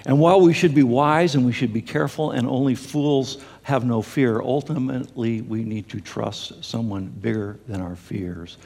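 A man's voice: medium pitch, normal speed, vocal fry, few pauses, darkish tone, slightly rough. A man preaching a sermon as pastor, earnest, with fillers and restarts, speaking in a church sanctuary. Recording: long hall reverb.

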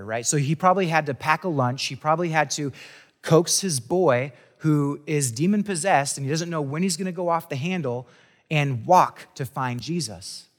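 A man's voice: mid-range voice, long reverb tail. A man preaching a conversational sermon as a pastor, talking casually and chattily with restarts and asides.

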